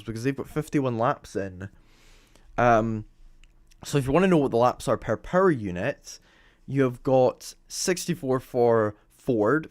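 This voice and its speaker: A man's voice: mid-range voice, a little mellow, no echo, clean studio sound. A young Scottish man giving rambling, chatty live commentary on a race session, with lots of ums and self-corrections. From Scotland. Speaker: motorsport livestream host. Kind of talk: live commentary over timing screens.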